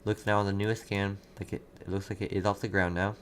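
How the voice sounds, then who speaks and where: A man with a fairly low voice gives live severe weather commentary, urgent and repeating himself as he answers chat. He sits at a desk mic, and faint keyboard typing clicks along behind him. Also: flat delivery, fast, fairly bright tone, slight background noise. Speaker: livestream weather host.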